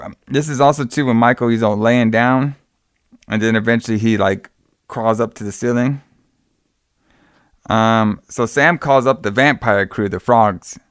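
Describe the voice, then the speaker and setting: A man's voice: mid-range voice, a bit bright, no room sound, studio quality. Casual man retelling a film plot. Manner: rambling retelling with acted-out quotes. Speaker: podcast co-host recapping a film. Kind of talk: casual chat.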